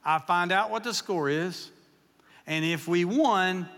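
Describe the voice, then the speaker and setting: A man tells folksy, joking stories as a guest preacher. His voice sits high and sounds bright and forceful. Long reverb from a large church hall trails behind every phrase. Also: takes it slowly, slight background noise. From Kentucky. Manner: folksy, joking, animated storytelling. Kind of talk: humorous sermon storytelling.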